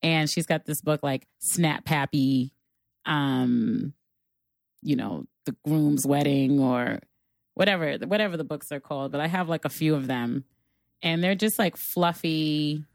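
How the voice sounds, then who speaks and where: A female podcast co-host chatting in a playful, teasing way and laughing often. Her voice sits a little low. She is recorded close in a small studio with no room echo. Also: unhurried, gravelly. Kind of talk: casual chat. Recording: dry studio sound.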